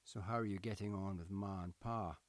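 A man's voice: sits low, fairly even intonation, moderate pace, dry recording, lightly acted. A man reading a storybook voicing a bored, sarcastic young man in his twenties who grumbles at everything. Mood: casual. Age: 20s. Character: 26-year-old man, sardonic bored younger brother.

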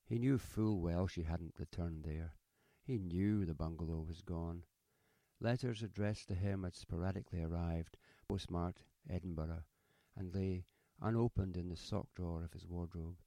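A man narrating a story in a measured, even audiobook manner. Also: low-pitched, dry recording.

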